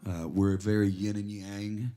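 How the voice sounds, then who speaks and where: A man's voice: fairly low pitch, level tone, measured pace, mellow. A man, a singer-songwriter and guitarist, chatting and telling rambling stories to a small crowd between songs at an in-store show. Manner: chatty, rambling storyteller, self-described nervous talker. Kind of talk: live stage banter between songs. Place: record store in-store performance.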